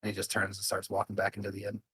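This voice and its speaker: Breathy, low-voiced male game master. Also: very fast, dry recording. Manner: calm, hesitant narration. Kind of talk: narrating a tabletop game.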